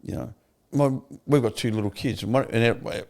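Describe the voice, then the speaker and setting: An older man with an Australian accent, a podcast guest telling his story candidly, blunt and quick to swear. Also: medium pitch, vocal fry. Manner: blunt, swears freely, animated retelling.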